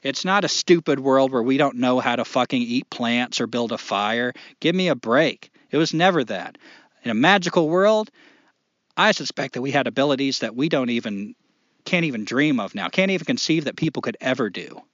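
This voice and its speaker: Emphatic man, slow and dry-sounding. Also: mid-range voice, expressive, fairly bright tone, no room sound, lo-fi sound. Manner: emphatic, swears, slow deliberate pauses. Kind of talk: casual conversation.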